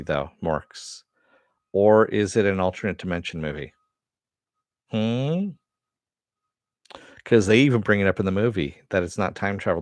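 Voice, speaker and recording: A man's voice: lowish voice, dry recording, clean studio sound. A man hosting a casual live-stream chat, answering viewers and swearing now and then. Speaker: host.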